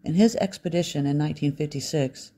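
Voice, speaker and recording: A man reading an audiobook as a first-person narrator, wry and measured. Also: fairly high pitch, mellow.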